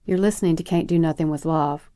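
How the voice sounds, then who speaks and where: Woman reading a story aloud, low voice, steady plainspoken telling, dry close sound. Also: fast, no echo. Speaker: author reading her own story.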